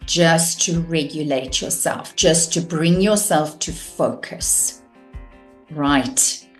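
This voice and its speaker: Woman coach, low voice, slow measured delivery, faint music behind. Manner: calm, measured, demonstrating voice techniques. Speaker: communication coach. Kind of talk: course teaching.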